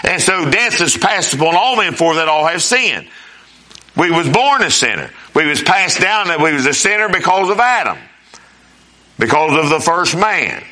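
A male pastor delivers an emphatic sermon, swinging up and down as he repeats his points. His voice sits a little high and sounds very bright and ringing. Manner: emphatic preaching, rising and falling with repeated phrases.

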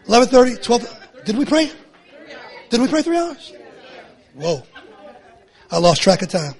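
A middle-aged man preaching a sermon, passionate and repetitive, rising to shouts and dropping to hushed pleas. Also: very high voice. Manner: impassioned, repetitive, swinging between shouting and hushed pleading. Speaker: pastor.

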